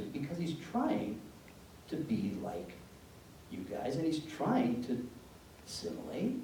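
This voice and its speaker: A man's voice: medium pitch, slow, pauses often. Canadian man lecturing in an echoey hall. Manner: lively storyteller, acts out dialogue in changed voices. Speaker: psychologist giving a talk to parents. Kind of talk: informal lecture with acted-out anecdotes. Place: meeting room, large and echoey. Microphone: room mic from a distance. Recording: echoey room from a distance, faint noise.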